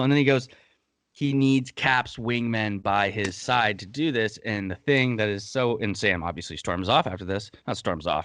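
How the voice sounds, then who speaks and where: A man's voice: fairly low pitch, normal speed, a bit bright, dry recording. A man hosting a casual podcast, breaking down a TV episode in a heated, blunt way and swearing freely. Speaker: podcast host.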